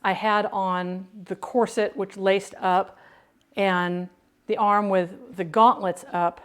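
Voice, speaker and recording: A woman's voice: mid-range voice, flat delivery, slow pace, clear, resonant tone. Chatty woman rambling while cooking. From United States. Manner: chatty, rambling, self-interrupting. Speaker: home cook and streamer. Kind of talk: casual cooking chat.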